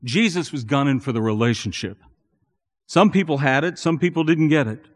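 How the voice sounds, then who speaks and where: A man preaching a sermon as a pastor, earnest and building to animated emphasis. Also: fairly high pitch, normal speed. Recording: long reverb in a church hall.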